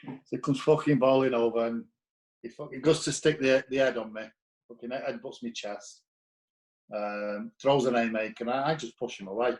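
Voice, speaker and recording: Steady in tone and medium in pitch, this man talks at a moderate pace over a low-quality recording. He's an ex-footballer guest sharing stories in casual anecdotal fashion, blunt and profane, performing the dialogue he quotes.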